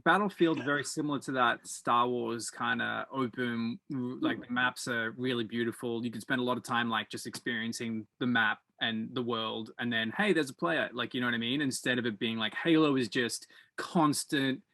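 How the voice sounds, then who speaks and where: Male podcast host, gravelly voice with a bright edge, hesitant and filler-heavy. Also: medium pitch, steady tone, moderate pace. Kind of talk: casual podcast interview.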